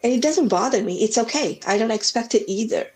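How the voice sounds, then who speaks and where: A woman's voice: on the high side, lively intonation, a little fast, dark tone, poor audio. A woman in her forties, from Singapore, telling a heartfelt personal story as a podcast guest, reflective and full of restarts.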